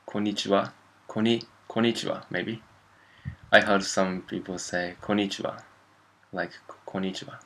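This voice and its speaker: A man's voice: sits low, creaky, fairly bright tone, poor audio. A man with a Japanese accent teaching a casual language lesson, thinking aloud and often stopping to correct himself.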